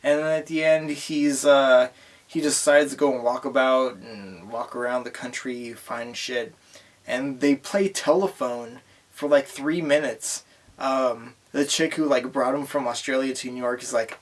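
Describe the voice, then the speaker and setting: A man's voice: mid-range voice, fairly even intonation, a little slow. Young man, tipsy, crude movie recap, rambling, profane, casual vlog. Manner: rambling, crude, loose and meandering. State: tipsy from drinking. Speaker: vlogger.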